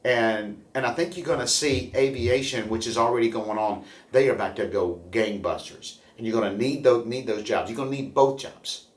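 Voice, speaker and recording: A man's voice: medium pitch, moderate pace. Guy doing a morning local news chat, repeats himself a lot, echoey room. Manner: rambling, repeats himself, upbeat. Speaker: morning show host. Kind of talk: casual local news talk. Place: room at a chamber building. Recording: roomy echo.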